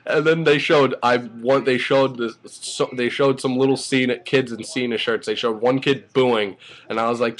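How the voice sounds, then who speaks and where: A man giving an excited, profane, rambling casual review as a wrestling fan, full of fillers. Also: mid-range voice, moderate pace, poor audio.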